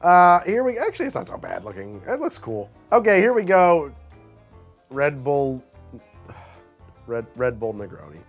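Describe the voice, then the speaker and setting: Guy hosting a cocktail show, over the top grossed out then deadpan, voice swings all over. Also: a little high, unhurried, long pauses, soft background music. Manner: theatrical, exaggerated disgust, deadpan asides. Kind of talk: comedic drink review.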